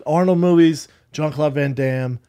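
A man co-hosting a podcast in casual chat, telling stories in an animated, profane way. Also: on the high side, measured pace, clear, resonant tone. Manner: animated, profane, laughing storyteller. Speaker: podcast co-host.

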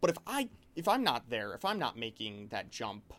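Man, casual chat, rambling, restarts a lot, mid-pitched voice. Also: moderate pace. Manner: rambling, animated storytelling with many restarts. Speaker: game master.

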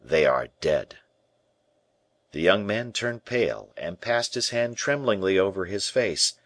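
Low-voiced guy reading an audiobook, lively ups and downs, dry close sound. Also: moderate pace, no echo. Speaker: audiobook reader. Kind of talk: scripted narration.

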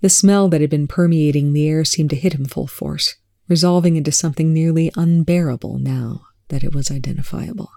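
A narrator reading fan fiction aloud with a measured, hushed sense of suspense. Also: medium pitch, gravelly, dry recording, studio quality.

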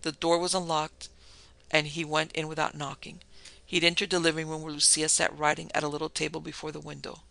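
A man reading a dark tale as narrator in a steady, even way. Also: on the high side, brisk, vocal fry, dry recording.

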